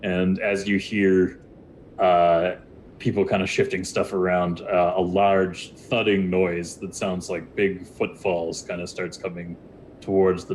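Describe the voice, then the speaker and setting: A man's voice: low-pitched, a little mellow, a little hiss or hum. A man narrating a tabletop game as game master, rambling with many fillers and restarts.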